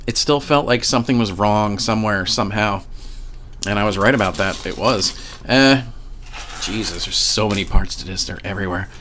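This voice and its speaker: A man's voice: fairly low pitch, moderate pace, a bit bright, a little hiss or hum. A man casually telling a personal paranormal story in a rambling, profane way, often restarting his sentences. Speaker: vlogger.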